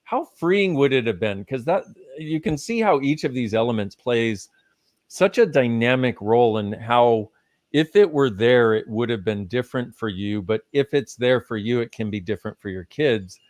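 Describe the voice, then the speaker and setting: A man's voice: medium pitch, animated, normal speed, a little mellow, dry recording. A man speaking as a guest in a live conversation, teaching with emphasis and casual swearing.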